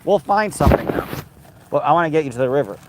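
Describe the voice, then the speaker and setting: A man's voice: a little high, expressive, quick pace, slight background noise, rough recording. Chatty man rambling outdoors by a river. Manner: chatty, rambling, talks to his dog in a sing-song. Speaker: livestream host. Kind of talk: casual rambling live chat.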